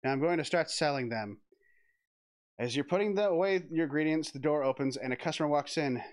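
A man streams a text adventure game as casual let's-play commentary, reading the game text aloud amid giggles, swearing and restarts. His voice is on the high side and his pace brisk.

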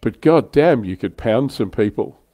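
A man's voice: medium pitch, expressive, unhurried, dark tone, no echo. An older man hosting a casual livestream chat, chatty and self-deprecating, laughing often. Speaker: livestream host.

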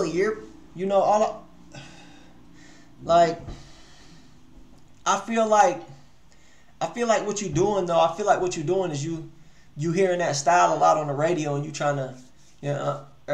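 A man hosting a live music review stream, talking loosely in slang and swearing freely. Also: sits high. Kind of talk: casual livestream chat. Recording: echoey room.

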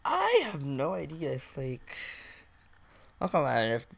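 A man's voice: a little high, wildly swooping pitch, slow pace, gravelly, fairly bright tone, slightly rough. A young man playing a chat-based game, reading messages aloud and reacting with casual swearing and laughs. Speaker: gaming video creator. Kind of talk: casual let's-play commentary.

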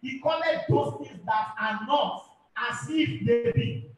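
A male pastor preaches fervently in a very high voice, repeating himself and calling for amens. He sounds far from the microphone in a big, booming, echoey hall. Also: expressive, measured pace. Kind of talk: sermon.

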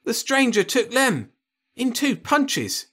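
A man doing an excitable raised-voice frontier farmer. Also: extremely high pitch, slow pace, breathy edge, voice pushed up, heavily acted. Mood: excited. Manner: raised, eager and emphatic. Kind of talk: audiobook character voice.

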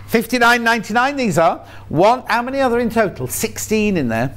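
A man's voice: high-pitched, animated, fairly quick, few pauses, fairly bright tone. A man presenting on a shopping channel, chatting in a jokey, rambling way about fabrics and his cats. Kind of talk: casual chat. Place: TV studio.

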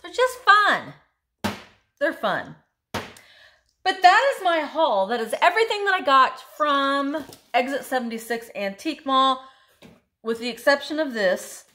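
A woman's voice: sits high, big pitch swings, measured pace, sharp tone, slight background noise. A woman vlogging her thrift haul in a chatty, enthusiastic way, thinking aloud as she shows each item. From United States. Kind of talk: casual haul video chat.

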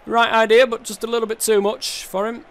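A young man with a high-pitched voice talks over his football game. He rants and swears at the game in a casual, frustrated way. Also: level tone, brisk, slight background noise. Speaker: gaming YouTuber.

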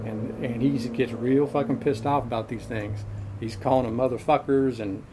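A man's voice: mid-range voice, steady tone, normal speed, background noise, close to an everyday voice. A middle-aged man playing a crude, folksy handyman who rambles along in profane slang, in a comedic monologue.

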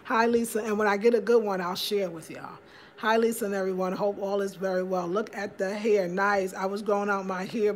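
A woman's voice: medium pitch, slight background noise. A woman hosting a casual livestream from home, chatting upbeat and greeting viewers by name as she reads their comments. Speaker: livestream host.

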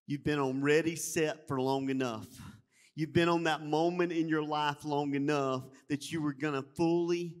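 A pastor from Alabama with a Southern accent, preaching a sermon and moving from folksy stories to loud, rising exhortation. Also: male voice, medium pitch. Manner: builds from quiet storytelling to loud preaching; folksy, calls the congregation y'all.

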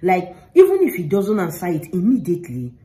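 A woman's voice: lowish voice, huge pitch swings, a little fast, dark tone, poor audio. A woman talking straight to the camera, giving earnest, informal faith advice and repeating herself for emphasis. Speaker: faith vlogger.

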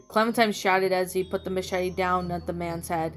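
A woman's voice: on the low side, fairly even intonation, normal speed, few pauses. A woman reading fan fiction aloud in a plain narrating voice, with small slips. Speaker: story reader. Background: faint music.

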